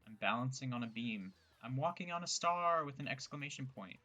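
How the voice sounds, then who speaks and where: A man's voice: mid-range voice, lively intonation, a little fast, sharp tone, faint music behind. A young man giving loose, joking commentary while playing a game, rambling and poking fun at his own words. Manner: rambling, joking, self-mocking asides. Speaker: gameplay streamer. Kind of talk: casual gameplay commentary.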